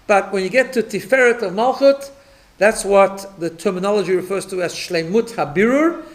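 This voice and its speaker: A man's voice: sits high, moderate pace. A man, a rabbi, teaching a Torah class, explaining step by step and often checking in with his listeners. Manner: repeats words when restarting.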